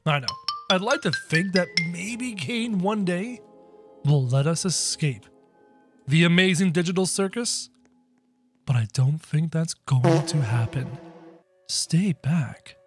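A man doing excitable, jokey game commentary, yelping and shouting as he plays. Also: fairly high pitch, slow, husky, soft background music. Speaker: gaming channel host. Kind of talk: game commentary, playing in character.

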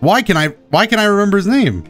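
A man streaming a game, commentating with excitement, often gasping and shouting at the creatures on screen. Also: sits high, fast, faint music behind. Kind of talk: excited let's-play commentary.

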